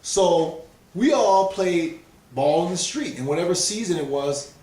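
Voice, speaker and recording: A man's voice: high-pitched, animated, a little slow, darkish tone. A man from Southern California, a pigeon fancier, talking earnestly and emphatically in a casual interview. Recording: echoey and distant from the mic.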